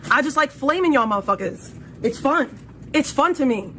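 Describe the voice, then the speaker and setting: A woman from New York City hosting a livestream panel, loud, profane and animated, and yelling when she flames people. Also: sits high, normal speed, a little hiss or hum. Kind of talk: heated livestream argument.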